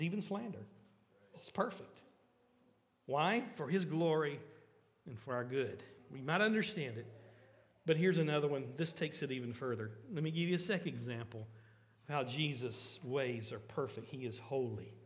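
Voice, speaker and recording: A man's voice: sits high, fairly bright tone, in a large hall. A man preaching a sermon in church, earnest and often asking the listeners questions.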